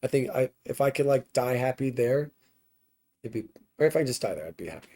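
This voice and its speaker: A man's voice: medium pitch, animated, a little fast, warm tone. A man guesting on a podcast, telling a tour story in a loose, profane, rambling way full of "like" fillers. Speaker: podcast guest, touring band musician. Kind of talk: casual storytelling.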